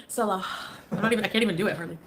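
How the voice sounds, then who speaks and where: A woman's voice: medium pitch, racing, slight background noise. A woman chatting casually on a live stream, giggling and rambling while greeting viewers by name. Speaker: livestreamer.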